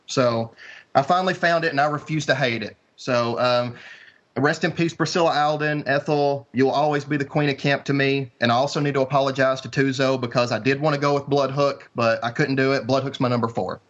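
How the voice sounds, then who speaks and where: A man with a middle-pitched voice tells a film's plot with dry, deadpan humour on a casual podcast. His audio sounds dull and lo-fi, as if the top end is cut off. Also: a little fast. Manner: deadpan, dry storytelling with a mock trailer opening. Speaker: podcast guest.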